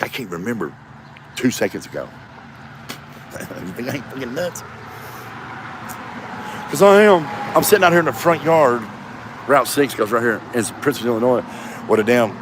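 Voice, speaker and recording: A man in his fifties rambling and swearing in a self-mocking solo vlog, recorded outdoors in a front yard. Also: fairly low pitch. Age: 50s. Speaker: comedian vlogger. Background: passing traffic.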